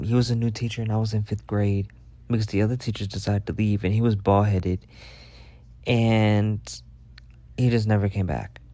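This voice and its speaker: A man's voice: mid-range voice, warm tone, dry recording. A young man telling stories and giving advice in a sassy, profane, exasperated rant. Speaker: advice and story vlogger. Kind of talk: casual storytelling rant.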